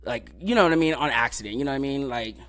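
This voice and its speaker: A man hosting a podcast, ranting in a casual, profane, emphatic way, often repeating filler phrases and jumping up in pitch when fired up. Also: lively intonation, very fast, a bit bright. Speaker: podcast host.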